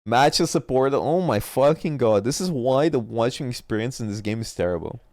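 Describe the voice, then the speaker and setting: Man, esports streamer, profane and rambling, stuffy-nosed, medium pitch, dry sound. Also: expressive, normal speed, darkish tone, dry recording. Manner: blunt and profane, rambling asides. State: stuffy nose. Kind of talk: casual livestream commentary.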